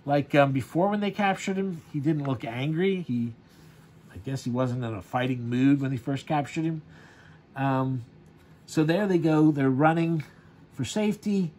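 A man's voice: on the high side, moderate pace, a little mellow. A man casually reviewing a comic, rambling with many fillers and chuckles.

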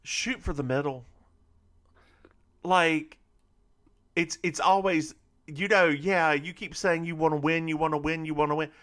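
A man with a bright, fairly high voice, co-hosting a podcast. He recaps a TV episode in casual, gossipy chat. He keeps quoting the characters along the way. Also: steady tone, unhurried, pauses often. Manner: chatty, gossipy, quotes characters. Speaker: podcast co-host.

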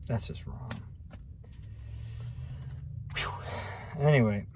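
A man's voice: on the low side, measured pace, long pauses, slight background noise. A man giving a casual daily tarot reading, thinking aloud and asking spirit about each card. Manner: relaxed, musing, talks to spirit while drawing cards. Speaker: tarot reader.

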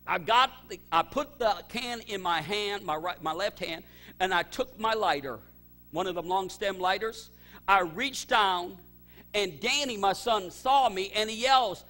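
High, bright-voiced man preaching a story sermon. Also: moderate pace. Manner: swings from loud excited storytelling to low quiet emphasis. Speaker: pastor.

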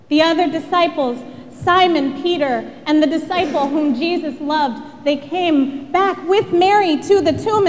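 A woman pastor delivering a sermon in a church, telling the story dramatically and sinking to a hushed prayer. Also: sits high, in a large hall, a little hiss or hum. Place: church sanctuary.

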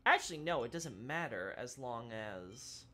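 A man's voice: medium pitch, animated, measured pace, bright, forceful tone, slight background noise. Chatty man streaming a game. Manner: chatty, talks to chat while playing. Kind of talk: casual let's-play commentary.

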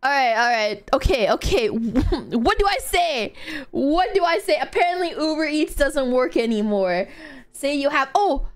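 A woman streaming a game, playful, giggly and excitable, talking to her chat. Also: high voice, normal speed, few pauses.

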